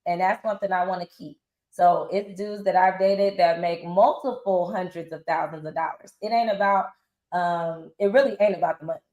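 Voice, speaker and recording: A woman's voice: fairly low pitch, moderate pace. Woman in her forties, blunt and informal, slangy storytelling, echoey room. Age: 40s. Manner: animated, acts out others' lines in quotes. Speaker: reality show cast member, guest. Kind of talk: candid interview storytelling.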